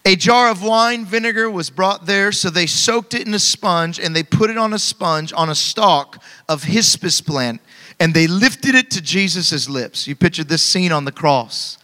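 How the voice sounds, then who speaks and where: Energetic man in his thirties preaching. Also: sits high, moderate pace, long reverb tail. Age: 30s. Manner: energetic, calls for congregation responses. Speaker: pastor. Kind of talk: sermon. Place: church hall with congregation.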